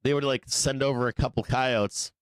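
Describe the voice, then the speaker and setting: A man's voice: medium pitch, fairly even intonation, normal speed, clean tone, dry recording. Profane rambling man in a dry studio. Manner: profane, rambling, laughs often, acts out voices. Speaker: live trading show host. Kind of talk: casual storytelling between market commentary. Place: studio office.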